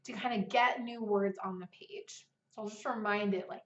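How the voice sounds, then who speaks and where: A woman's voice: mid-range voice, fairly even intonation, normal speed, few pauses. A woman in her thirties, a writing coach, talking casually and chattily with frequent "like" and "right?". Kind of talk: casual vlog talk. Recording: roomy, slightly dull recording.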